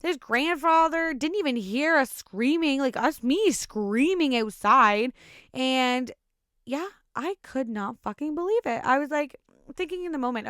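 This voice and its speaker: A woman's voice: high-pitched, animated, a little slow, fairly bright tone, no echo, studio quality. A woman hosting a show and casually telling her own stories, swearing often and rambling with lots of fillers. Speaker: podcast host telling personal stories. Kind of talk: casual storytelling.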